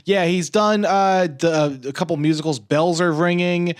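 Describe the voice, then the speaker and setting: Man, slightly higher voice, dry close mic; laid-back podcast co-host. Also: normal speed, smooth, no room sound. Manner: relaxed, loose, swears casually. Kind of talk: casual chat recapping a sitcom episode.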